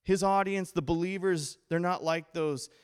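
A middle-aged man preaching a sermon as pastor, playful and animated, acting out quoted voices. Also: sits high, normal speed, clear, resonant tone.

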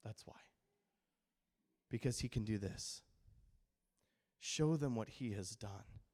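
A man's voice: lowish voice, slow pace. A middle-aged male pastor preaching a sermon, telling stories and acting out quotes with animation. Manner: animated storytelling with acted-out quotes.

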